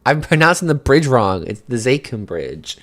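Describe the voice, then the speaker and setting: A man's voice: mid-range voice, moderate pace. Rambling male gaming commentator. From New England. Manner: rambling, repeats words, excitable.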